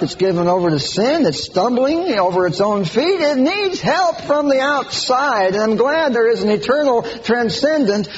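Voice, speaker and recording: Animated high-voiced preacher man. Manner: animated, mocking impressions with sudden high-pitched outbursts. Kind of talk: sermon. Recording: slightly dull lo-fi recording with faint hiss.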